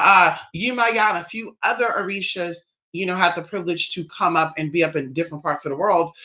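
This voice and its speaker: A speaker with an American accent gives a casual, blunt opinion monologue as a spiritual YouTuber, swearing freely and mocking others with sudden jumps in pitch. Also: bright, forceful tone.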